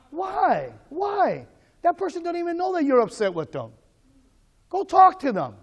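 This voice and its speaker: A man pastor preaching a sermon, calling the congregation to repeat after him, moving between hushed prayer and loud exhortation. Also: very high voice, huge pitch swings, measured pace, dull audio.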